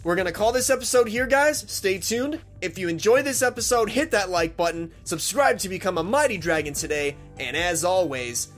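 A man hosting a let's play, excitable and swearing as he trash-talks the game's bosses. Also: high voice, moderate pace, few pauses, faint music behind. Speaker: gaming channel host.

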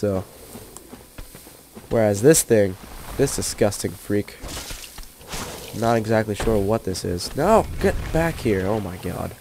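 Keeping quiet because he's sick, a man commentates his video game and snipes at the enemies in exasperation. His voice sits on the low side and sounds mellow, with a little hiss or hum in the background.

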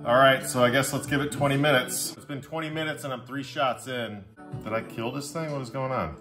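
A young male vlogger chatting to his camera in a loose, joking, upbeat way. His voice sits at an ordinary mid pitch for a man, with faint music playing underneath. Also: a little fast. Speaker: vlogger testing drinks on a breathalyzer. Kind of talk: casual on-camera vlog.

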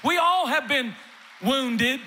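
A man preaching a sermon in church as pastor, emphatic and repetitive, with bursts of shouting. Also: very high voice, slow pace, noisy background. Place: church sanctuary.

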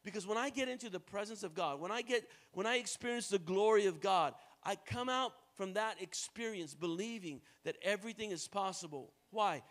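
A high-voiced American man preaches a sermon to his church. He drops into soft, low stretches and then climbs to loud, rising exhortations, prompting the congregation to repeat after him and tossing off light jokes between points. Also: brisk, hardly any pauses. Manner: joking asides to the congregation. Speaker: pastor.

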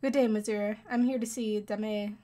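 A woman's voice: mid-range voice, fairly even intonation, moderate pace, warm tone, lightly acted. A woman reading the lines of an earnest male bird attorney in a game, reading them aloud in a plain voice. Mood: formal. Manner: reads game dialogue aloud.

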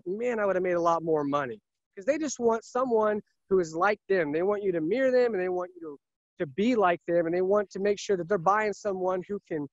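Car sales guy talking shop, kinda high voice, dry dull sound. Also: no echo. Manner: earnest, repetitive, emphatic. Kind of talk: casual interview talk.

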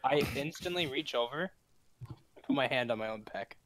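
A man playing a tabletop game, joking and animated. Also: mid-range voice, moderate pace, crowd noise. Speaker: player. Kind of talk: casual tabletop game chat.

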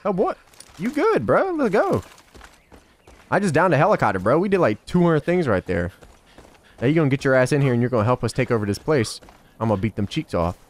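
A man giving casual, slangy gameplay commentary as a let's play host, excitable and bantering with game characters. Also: medium pitch, fairly quick.

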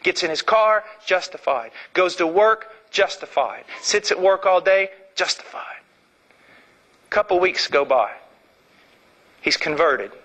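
A man's voice: a little high, a bit bright, low-quality recording. A man preaching a sermon in an impassioned, emphatic way.

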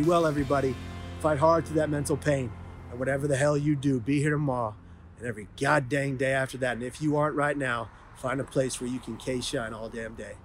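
A man's voice: mid-range voice, fairly even intonation, brisk, over music. A man in his thirties talking earnestly and emotionally in a personal vlog, heartfelt and confessional. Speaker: vlogger.

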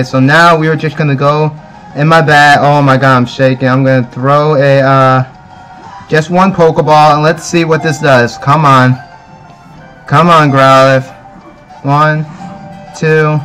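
A young man hosting a gaming video, gushing with excitement and repeating exclamations as he commentates his gameplay at home. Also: fairly high pitch, rough recording.

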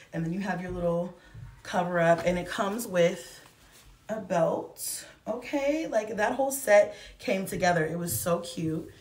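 A woman's voice: medium pitch, darkish tone, far from the mic. An effusive woman in her thirties chats to camera about a shopping haul, calling out to viewers as y'all. Her voice bounces around an echoey room and sits a little back from the mic. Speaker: vlogger reviewing a shopping haul. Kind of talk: casual chat to camera.

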